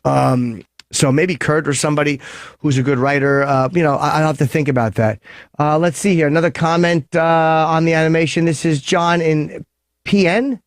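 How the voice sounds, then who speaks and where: A man's voice: on the high side, steady tone, moderate pace, no echo, studio quality. A man hosting a radio show and taking calls, talking in a rambling, crude way that keeps breaking off and restarting. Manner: rambling, self-interrupting, crude. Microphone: studio microphone.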